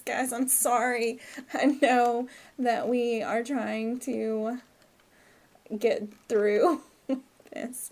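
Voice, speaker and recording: A woman's voice: a little high, level tone, drawn-out words, a little mellow. A woman giving casual let's-play commentary, chatty and apologetic, often laughing at herself. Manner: chatty, apologetic, giggly asides. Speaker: gameplay commentator.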